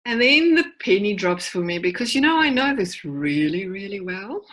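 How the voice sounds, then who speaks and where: Husky-voiced woman psychologist telling stories. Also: medium pitch, sing-song, normal speed, a bit bright, rough recording. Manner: storytelling, with frequent word restarts. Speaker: clinical psychologist, guest speaker. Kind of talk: conversational presentation. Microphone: video call.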